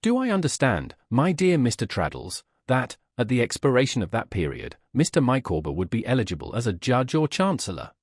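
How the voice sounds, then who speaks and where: A man's voice: medium pitch, wildly swooping pitch, brisk, hardly any pauses, slightly rough, no echo, studio quality. A man reading the part of a pompous, insistent middle-aged wife in an audiobook, speaking in a grand, formal, emphatic way. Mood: affable.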